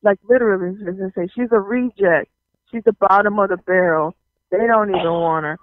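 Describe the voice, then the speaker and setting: A man from the South, telling stories in casual, animated talk-show chat, leaning on lots of "you know"s and laughs. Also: sits high, moderate pace, a little hiss or hum. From Southern US, New Orleans area. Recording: tinny phone-like sound.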